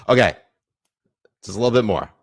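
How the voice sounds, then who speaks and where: A man's voice: mid-range voice, creaky, a bit bright, slightly rough, no echo, studio quality. A man co-hosting a podcast in a loose, joking way, with plenty of fillers. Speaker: podcast co-host. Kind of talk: casual comedic chat.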